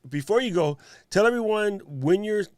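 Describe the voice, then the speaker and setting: A man's voice: sits high, normal speed, dry recording, clean studio sound. A man with a New York accent hosting a livestream, chatting casually and joking with a guest and viewers. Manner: animated, joking, talks to viewers and chat. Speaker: livestream host.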